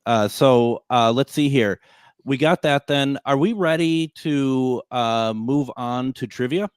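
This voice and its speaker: A man's voice: mid-range voice, slow, clear, resonant tone, no echo, studio quality. A man hosting a paranormal talk show, asking rambling questions with frequent restarts. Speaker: host. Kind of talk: casual panel chat.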